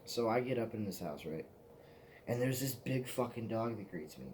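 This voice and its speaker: A man's voice: fairly low pitch, animated, moderate pace, a little mellow, a little hiss or hum. A man telling rambling, profane stories to the camera in a casual vlog, often laughing at himself. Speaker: vlogger.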